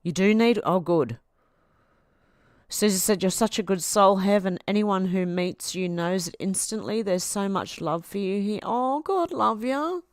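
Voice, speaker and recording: An Australian woman hosts a casual livestream, reading viewer comments in a chatty, affectionate way and laughing often. Her mid-range voice has fairly even intonation, a moderate pace and a darkish, clear, resonant tone, with clean studio sound and no echo.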